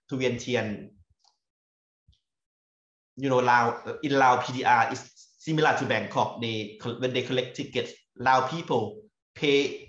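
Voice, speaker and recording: Halting Thai-accented man in echoey room. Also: mid-range voice, a bit bright. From northeastern Thailand. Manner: halting, repeats words while searching for phrasing. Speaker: university lecturer. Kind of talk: academic talk sharing fieldwork stories. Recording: echoey, dull lo-fi room recording.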